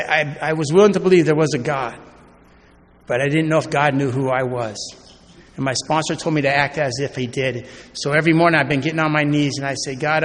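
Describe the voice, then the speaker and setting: An Oregon man with a slightly high, somewhat bright voice gives a personal recovery talk at a convention, acting out conversations as he tells his story and often checking in with the crowd by asking "right?" Recorded in a large convention hall, the audio has long reverb and faint background noise.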